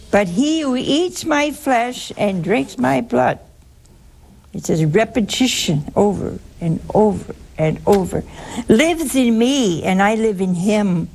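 An older woman hosting a religious call-in show, teaching slowly and emphatically with sudden high rises. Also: creaky, darkish tone. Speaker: religious radio host answering callers.

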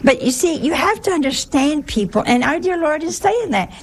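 Gravelly-voiced woman preaching folksy. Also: high-pitched, sing-song, normal speed. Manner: chatty, storytelling, asks rhetorical questions. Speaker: nun giving a talk. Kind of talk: folksy sermon-style talk.

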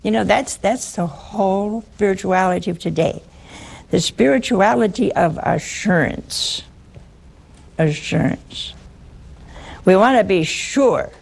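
Husky gravelly woman preaching slow, jokey and chatty, keeps asking the crowd stuff. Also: medium pitch, a little mellow. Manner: teasing and humorous, asks listeners questions. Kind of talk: conversational sermon.

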